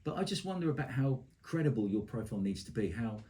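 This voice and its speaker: A man's voice: medium pitch, sing-song, quick pace, dark tone. A man hosting a podcast in a chatty, teasing broadcaster's manner. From England. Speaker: podcast host and former radio presenter. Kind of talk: casual chat.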